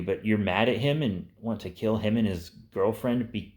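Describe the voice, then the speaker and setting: A man's voice: on the low side, normal speed, a little mellow. A young man in casual chat, rambling through his ideas with frequent fillers and cursing. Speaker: host. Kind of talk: casual pitching of movie ideas.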